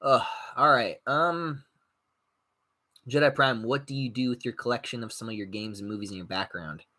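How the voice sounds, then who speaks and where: Reading the live chat on his podcast, a young man talks at normal speed in a medium pitch. The chat is casual and rambling, and he's blunt, profane and lively, ridiculing people he disagrees with through put-on voices.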